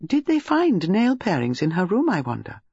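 A shrewd elderly spinster speaks in soft, mild, musing tones, as a woman puts her on for a storybook. Her voice is husky and airy, and the recording is dry and a little dull. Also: medium pitch, huge pitch swings, normal speed, no echo, pitched above the performer's own voice, exaggerated voice. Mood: gentle musing. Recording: slightly dull lo-fi audio.

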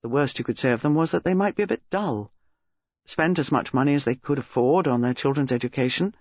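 A man narrating a detective novel in a measured storytelling manner. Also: medium pitch, no echo, dull audio. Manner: measured, gives characters distinct voices. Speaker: audiobook narrator. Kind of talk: scripted narration.

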